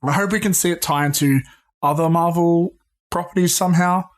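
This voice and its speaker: Excitable, foul-mouthed man on a podcast. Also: a little high, a little fast. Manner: excitable, swears freely, says "dude". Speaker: podcast co-host. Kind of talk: casual pop-culture chat.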